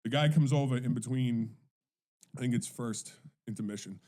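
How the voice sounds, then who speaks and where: A man's voice: medium pitch, moderate pace, darkish tone. A man co-hosting a podcast, telling a profane story in a laid-back way. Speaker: podcast co-host. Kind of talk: casual chat.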